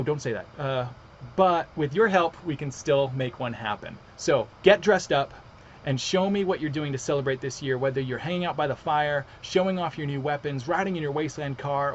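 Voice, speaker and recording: A chatty, excitable man hosts a casual livestream, his voice sitting a bit high for a man. The sound is slightly muffled, with a faint hiss underneath. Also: fairly quick. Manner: chatty, excitable, reads out comments. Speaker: livestream host.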